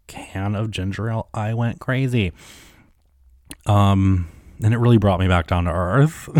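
Man, very low voice, solo podcast host, rambling, lots of fillers, dry recording. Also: darkish tone, no room sound. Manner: rambling, heavy on "like" and "um", profane.

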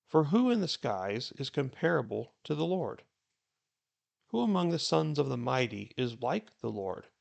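A man praying aloud and then reading scripture in a slow, measured way. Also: mid-range voice, creaky. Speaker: Bible reading host.

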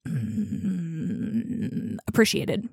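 Playful woman cohost chatting about a book, animated, dry close sound. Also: low-pitched, extremely slow, creaky, breathy edge, no echo. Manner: playful and animated, often laughing. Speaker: podcast co-host. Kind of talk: casual book-club chat.

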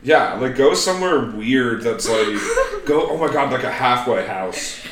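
A man's voice: mid-range voice, lively intonation, unhurried, reverberant, distant mic, noisy background. A man hosting a casual podcast chat, playful and teasing, laughing often. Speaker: podcast host.

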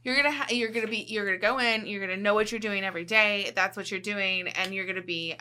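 Bright-voiced woman chatting on a podcast. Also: medium pitch, fairly even intonation, quick pace, a little hiss or hum. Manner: talkative, often checks in with "right?". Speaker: podcast guest. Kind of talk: casual podcast chat.

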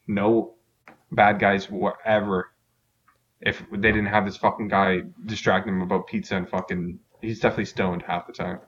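A man's voice: fairly low pitch, a bit bright. A man leads a comedy podcast segment, swearing freely and laughing along. The sound is a little dull, with faint noise behind it. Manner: profane, laughing, leads the game. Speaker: podcast host leading segments. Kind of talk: casual comedic chat.

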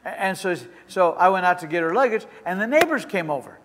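A man pastor delivering a sermon in a church, preaching with passion that swells into shouts, with halting restarts while he tells a story. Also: high voice, lively intonation, a little hiss or hum. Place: church sanctuary with a responding congregation. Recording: long reverb of a church hall.

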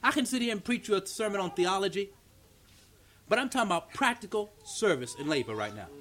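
A male pastor preaching an animated, story-driven sermon at a church meeting, acting out dialogue and repeating words for emphasis. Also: high voice, a little fast.

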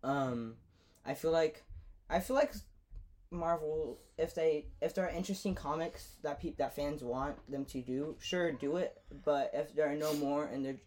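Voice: mid-range voice, normal speed, darkish tone. Blunt joking podcast co-host. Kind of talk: casual chat.

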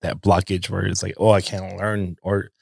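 A man hosting a casual podcast, asking measured questions and chiming in with short agreements. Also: low-pitched, little pitch movement, vocal fry, a little mellow, slightly rough, no room sound, clean studio sound. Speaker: podcast host. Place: podcast studio.

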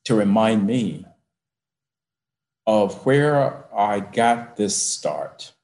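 A man's voice: lowish voice, animated, very slow, creaky, a little mellow, reverberant. A university president, a man, telling a personal story in an interview from his office, building to emphatic peaks.

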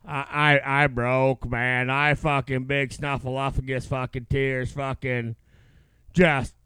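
A man's voice: mid-range voice, little pitch movement, slow, sharp tone, clean tone, dry recording. A man co-hosting a casual podcast chat, swearing freely and rambling with emotion. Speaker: podcast co-host. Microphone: headset.

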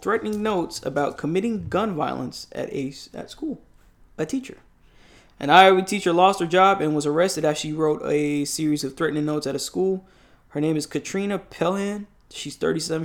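A young man co-hosting a casual podcast, reading news articles aloud with halting fillers and restarts. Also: fairly high pitch, gravelly. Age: young adult. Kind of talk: casual news-reaction chat.

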